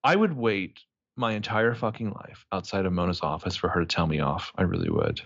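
A man's voice: sits low, sing-song, brisk, gravelly, a bit bright, breathy edge, dry recording, muffled recording. A man casually recapping a TV episode as a podcast co-host, animatedly acting out the characters' lines with plenty of swearing. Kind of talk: casual chat.

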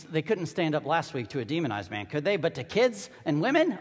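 A man preaching a sermon as pastor, swinging between hushed asides and loud, fervent stretches. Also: on the high side, huge pitch swings, brisk, few pauses. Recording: long reverb of a large hall.

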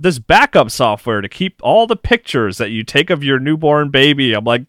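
A young father co-hosting a podcast, wry, his pitch jumping up when he gets exasperated. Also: big pitch swings, normal speed, a bit bright, dry recording, clean studio sound. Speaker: podcast co-host. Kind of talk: casual podcast chat.

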